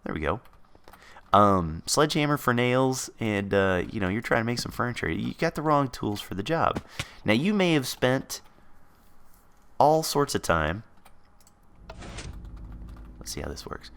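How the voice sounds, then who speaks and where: A man's voice: medium pitch, big pitch swings, normal speed, a bit bright, smooth. A man hosting a let's play, chatting casually and thinking aloud as he builds. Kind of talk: casual gameplay commentary.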